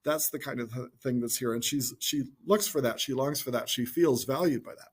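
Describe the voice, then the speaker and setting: A man giving an informal Bible teaching talk in a gentle, reflective way, thinking aloud as he goes. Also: mid-range voice, brisk, slightly rough.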